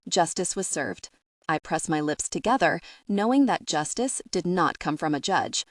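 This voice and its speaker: A woman's voice: low voice, expressive, moderate pace, dry recording, studio quality. A woman narrating a first-person romance audiobook, reading both sides of the dialogue with light shifts.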